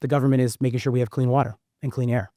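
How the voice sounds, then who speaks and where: A man in his thirties, a podcast guest talking fast and animatedly, with plenty of fillers and the odd swear. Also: mid-range voice, flat delivery, dark tone, no room sound, studio quality. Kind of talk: casual conversation.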